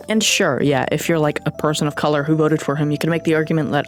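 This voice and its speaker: A woman delivers an off-the-cuff rant straight to camera, sarcastic and scornful, with plenty of swearing. Her delivery is blunt and heated, and soft music plays faintly underneath. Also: low voice, flat delivery, fast, hardly any pauses. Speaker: political commentary vlogger.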